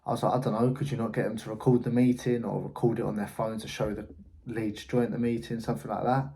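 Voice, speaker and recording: This agency owner talks fast in a lowish, mellow voice with little pitch movement and some vocal fry. In a casual vlog he bluntly tells the story of a frustrating call, swearing freely throughout.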